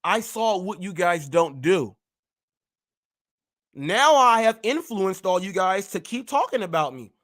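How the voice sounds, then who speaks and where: Boastful high-voiced man trash-talking. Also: animated, a bit bright. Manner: boastful, trash-talking, rapid-fire wordplay. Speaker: host. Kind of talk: live-stream rant.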